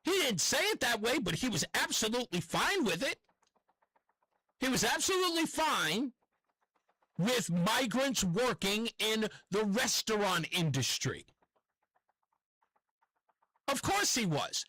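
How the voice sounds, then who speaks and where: A man's voice: very high-pitched, sing-song, unhurried, pauses often, bright, forceful tone, husky, dry recording, poor audio. A man with a New York accent hosting a talk radio show, delivering a rambling, self-correcting opinion monologue from a studio.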